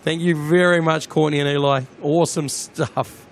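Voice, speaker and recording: Gravelly New Zealand man commentating live. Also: a little high, normal speed, a little hiss or hum. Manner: chatty, excitable, talks to viewers. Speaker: live-stream host. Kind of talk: live plane-spotting commentary. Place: outdoors at an airport.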